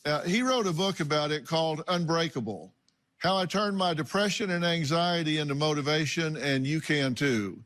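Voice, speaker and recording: A man hosting a talk show and interviewing a guest in a calm, measured way. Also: on the high side.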